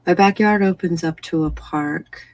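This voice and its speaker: A woman's voice: on the low side, normal speed, darkish tone, low-quality recording. A woman hosting a casual morning chat stream from home, chatting and answering viewers' messages. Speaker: livestream host.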